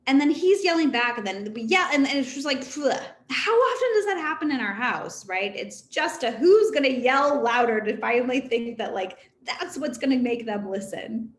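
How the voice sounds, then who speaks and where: A woman in her thirties, a therapist, giving an informal talk to parents in a conversational, animated way. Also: sits high, normal speed, hardly any pauses. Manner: conversational and animated, laughs between points. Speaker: therapist speaking to a parent council. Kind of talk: informal presentation. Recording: echoey room with faint background noise.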